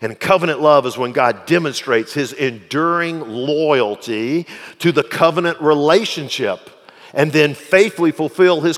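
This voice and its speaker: Man preaching in a reverberant hall. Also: medium pitch. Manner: conversational preaching, shifts from soft asides to emphatic repetition. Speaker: pastor. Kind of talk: sermon.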